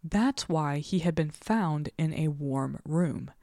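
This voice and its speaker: Woman co-host, low register, dry sound, frank casual talker who also reads aloud. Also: takes it slowly, dark tone, no echo. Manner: chatty, frank, swears casually. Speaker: podcast co-host. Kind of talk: casual chat and reading aloud.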